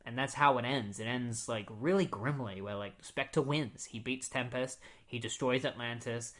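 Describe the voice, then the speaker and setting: A man's voice: mid-range voice, moderate pace, fairly bright tone. A young man hosting a podcast, casually recapping comic books in a rambling way, full of "like" and fillers. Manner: rambling, fillers, says "like" a lot. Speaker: podcast host.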